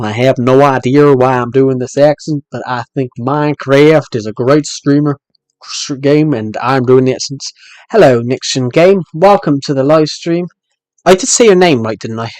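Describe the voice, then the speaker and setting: A streamer putting on an exaggerated American accent, playful and hammy on a live game stream. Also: male voice, medium pitch, normal speed, no room sound, close to an everyday voice. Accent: put-on American. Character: man hamming up an American accent.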